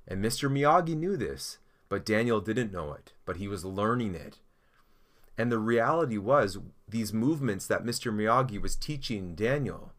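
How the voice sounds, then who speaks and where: A pastor delivers a sermon in a somewhat low man's voice. He tells a story, acting out the characters' lines, before he moves into prayer. His delivery is encouraging and direct. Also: a bit bright. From Canada. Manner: storytelling, acts out quoted characters, ends in prayer. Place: church.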